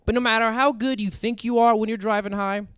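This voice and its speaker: A man's voice: high voice, a little fast, clear, resonant tone, no echo, studio quality. A young man from Kansas City doing a crude stand-up comedy set on stage before a live audience. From Kansas City, USA. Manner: crude, animated storytelling.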